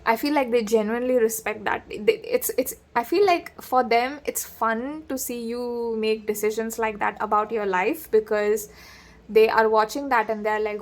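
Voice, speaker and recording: A woman's voice: on the high side, fairly even intonation, normal speed. A woman giving a casual spoken tarot reading, talking straight to the listener and drifting into digressions and asides. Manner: digressive, addresses the listener directly with frequent asides. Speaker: tarot reader.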